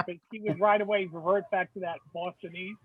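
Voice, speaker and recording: A man telling stories in a casual group chat over a video call, lively and imitating the voices of the people he quotes. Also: high-pitched, brisk, a little hiss or hum. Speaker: book club participant. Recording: tinny phone-like video call audio.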